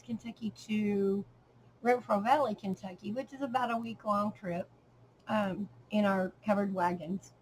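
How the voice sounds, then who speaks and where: In this rough recording with a little background noise, a crafter presents her handmade journal in relaxed show-and-tell style. She's a gentle, middle-aged woman with a mid-range voice who takes her time, dotting her speech with ums and letting sentences trail off.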